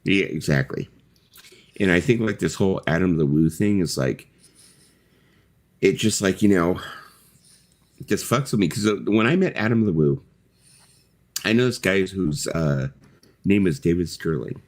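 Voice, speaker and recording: A man's voice: deep voice, normal speed, long pauses. A middle-aged man hosting a casual live chat, telling rambling stories full of fillers and the odd swear word. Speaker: host.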